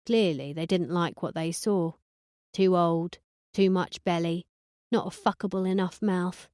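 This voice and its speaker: A woman narrating an audiobook in the first person, sardonic and deadpan. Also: on the low side, a little slow, no room sound, clean studio sound.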